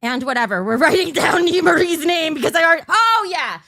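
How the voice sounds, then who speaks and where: A woman's voice: very high-pitched, animated, brisk, gravelly, pushed and bright, dry recording, studio quality. An overtired woman hosting a casual livestream, rambling and losing her train of thought. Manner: bursts into a mock auctioneer patter. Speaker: livestream host.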